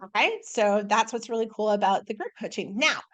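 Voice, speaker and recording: A woman's voice: mid-range voice, animated, brisk, a bit bright. A woman working as an intuitive life coach, talking at home in a casual live video, upbeat and rambling, with many restarts and fillers.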